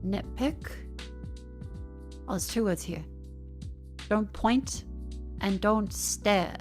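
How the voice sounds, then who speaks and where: A woman's voice: mid-range voice, drawn-out words, soft background music. Playful swearing woman streamer. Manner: chatty, playful, swears casually. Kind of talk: casual live-stream chat while playing a music quiz game.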